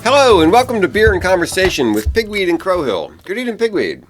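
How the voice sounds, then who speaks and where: A man's voice: sits high, big pitch swings, fast, over music. A man co-hosting a podcast, chatting casually while reviewing a beer, with dry replies and frequent laughter. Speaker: podcast co-host.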